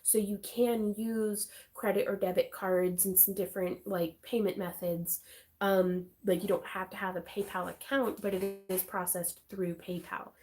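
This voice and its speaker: A woman's voice: mid-range voice, flat delivery, a little slow, darkish tone, faint music behind. A woman hosting a craft livestream from home, chatting casually with bubbly energy, laughing often and using plenty of fillers. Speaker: craft channel host.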